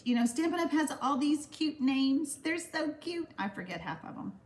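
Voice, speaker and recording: Chatty woman, casual craft-stream host, giggles easily, slightly high-pitched. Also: expressive, moderate pace, few pauses. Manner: chatty and giggly, warm toward viewers. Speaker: stamping craft livestream host. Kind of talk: casual livestream chat reading viewer comments.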